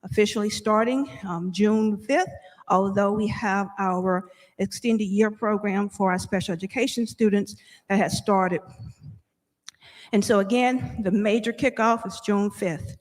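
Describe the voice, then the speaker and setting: A woman's voice: medium pitch, unhurried. A woman administrator gives an orderly, formal presentation at a board meeting. Her mid-range voice has the long reverb of a large boardroom. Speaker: school district administrator.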